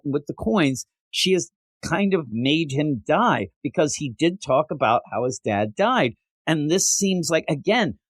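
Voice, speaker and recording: A man with a fairly high, very lively voice talking through comics in casual podcast chat. He jumps into quick voices for the characters as he goes. The sound is dry and close, with no room around him. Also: breathy edge, no echo. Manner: animated, acts out characters' lines in quick voices. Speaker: podcast co-host.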